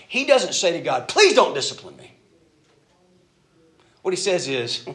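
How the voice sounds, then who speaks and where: A middle-aged man preaching a sermon, telling stories and shifting between loud emphatic bursts and soft asides. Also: a little high, wildly swooping pitch, unhurried, long pauses. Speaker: pastor.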